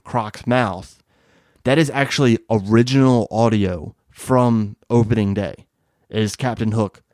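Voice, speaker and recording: A man's voice: fairly low pitch, a little mellow, dry recording, studio quality. A man co-hosting a casual podcast, chatty and rambling, with plenty of fillers. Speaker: podcast co-host. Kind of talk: casual chat.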